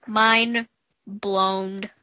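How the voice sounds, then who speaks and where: A woman's voice: mid-range voice, level tone, very slow, pushed and bright, smooth, no room sound, lo-fi sound. A young woman guest in a casual chat, playful and dramatic. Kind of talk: casual chat over a game.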